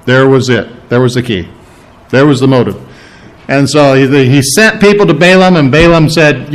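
A man's voice: mid-range voice, moderate pace, poor audio. A male preacher telling a Bible story in a conversational sermon, with many restarts.

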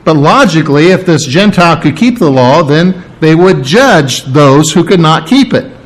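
A middle-aged man delivers a sermon with an animated, questioning style. His voice sits a little high for a man. He acts out the voices he quotes. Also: normal speed. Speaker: pastor.

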